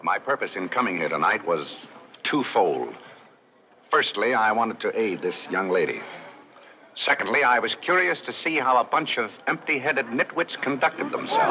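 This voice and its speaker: A wry, urbane man in a hissy old film. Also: fairly low pitch. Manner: dry, understated, ironic delivery. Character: suave, dry-witted male butler-to-be, calm and ironic. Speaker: film character. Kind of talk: 1930s screwball film acting. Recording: hissy, muffled 1930s film soundtrack.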